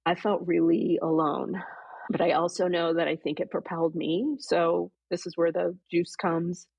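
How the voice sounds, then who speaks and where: A woman's voice: lowish voice, gravelly, slightly rough, no echo, rough recording. A woman, a podcast guest, earnestly retelling an emotional personal story and voicing her own past thoughts. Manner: earnest, animated retelling with quoted inner thoughts.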